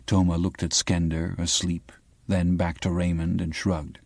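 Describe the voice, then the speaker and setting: A man narrating a crime novel as an audiobook in an even, unhurried way. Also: low voice, vocal fry, no echo. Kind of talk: scripted narration.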